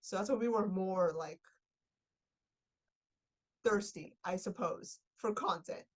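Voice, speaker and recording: A woman's voice: medium pitch, takes it slowly. Young woman gushing in casual chat. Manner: gushing, laughing, filler-heavy storytelling. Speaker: podcast guest.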